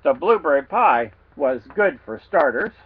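Guy doing a grunty slurpy storybook pig, greedy and cheeky, kinda high, tinny sound. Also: big pitch swings, measured pace, husky, full character voice. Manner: grunting, slurping, sing-song rhymes.

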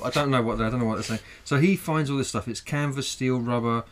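A man's voice: mid-range voice, fast, few pauses. A man co-hosting a comedy podcast over drinks, rambling and swearing a lot as he laughs at his own jokes. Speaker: podcast co-host. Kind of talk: casual, crude comedic chat over drinks.

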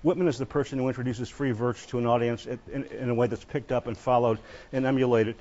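Male professor, mid-pitched, halting classroom lecture with many fillers; muffled lecture-hall capture. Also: steady tone, darkish tone. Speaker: literature lecturer.

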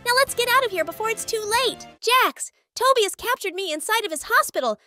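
A woman's voice: extremely high pitch, lively intonation, a little fast, bright, forceful tone, no room sound, soft background music, full character voice. A woman voicing a young princess in a game, urgently pleading to be rescued.

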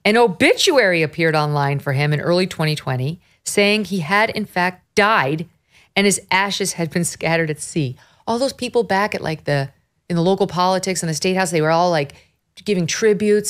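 A woman hosting a podcast, telling a story in an animated way with quick asides. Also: on the low side. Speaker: host. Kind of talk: casual podcast commentary.

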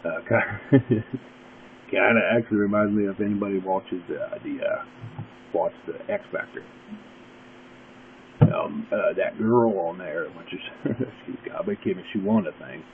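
Man, deep drawling gurgly voice, folksy rambling vlogger, tinny lo-fi audio. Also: moderate pace. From West Virginia. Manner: folksy, meandering, opinionated. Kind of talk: casual rambling monologue. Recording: tinny lo-fi webcam audio with faint hiss.

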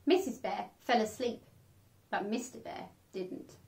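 A woman reading a children's picture book aloud, animated and expressive, acting out the sound effects. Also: medium pitch, a little slow. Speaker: children's storyteller.

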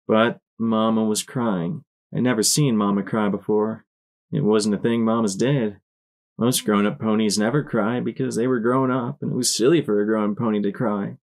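A man reads a dramatic first-person story as an audiobook. His voice sits fairly low and his reading is measured and expressive. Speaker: audiobook narrator.

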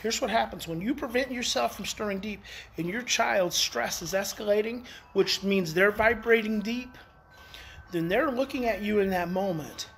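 Guy talking parenting to his viewers, pretty high voice, keeps repeating stuff for emphasis, quiet evening sounds behind. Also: moderate pace, vocal fry, a little hiss or hum. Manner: emphatic, repeats key phrases, swings in pitch. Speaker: parenting educator. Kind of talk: casual daily talk to viewers. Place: outdoors in the evening.

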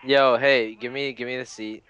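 A man's voice: medium pitch, steady tone, moderate pace, a bit bright, clean tone, lo-fi sound. A young man gaming with friends, joking crudely and laughing often into his mic. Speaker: let's play gamer. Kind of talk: casual gaming banter.

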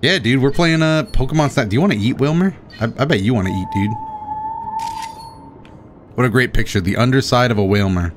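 A man streaming a game, commentating with excitement, often gasping and shouting at the creatures on screen. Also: medium pitch, fairly quick, long pauses, music in the background. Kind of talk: excited let's-play commentary.

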